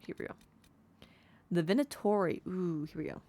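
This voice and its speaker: A woman's voice: fairly low pitch, normal speed, mellow. A woman streaming a game, chatting casually and reading in-game text aloud, sounding out unfamiliar words as she goes.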